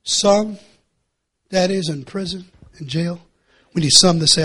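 A middle-aged man preaching a sermon, passionate and repetitive, rising to shouts and dropping to hushed pleas. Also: sits high, moderate pace, long pauses. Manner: impassioned, repetitive, swinging between shouting and hushed pleading. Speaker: pastor.

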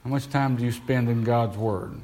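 A man's voice: medium pitch, fairly even intonation, normal speed, warm tone. A middle-aged man preaching a sermon, reading scripture aloud and putting rhetorical questions to his congregation. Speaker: pastor. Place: church sanctuary. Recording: live church sound with long reverb.

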